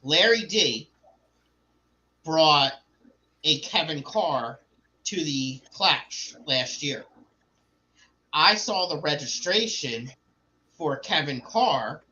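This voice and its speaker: A man's voice: on the high side, lively intonation, extremely slow, long pauses, pushed and bright, dull audio. A man hosting a livestream, chatting casually and rambling with many fillers and restarts. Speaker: livestream host. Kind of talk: casual chat.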